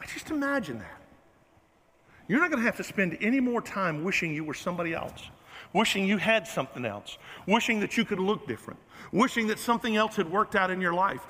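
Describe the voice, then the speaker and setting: Guy pastor preaching, bright voice, lots of reverb from the big hall, jokey and self-mocking. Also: sits high, gravelly. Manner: animated, joking and self-mocking, talks to the room. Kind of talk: sermon. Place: church sanctuary.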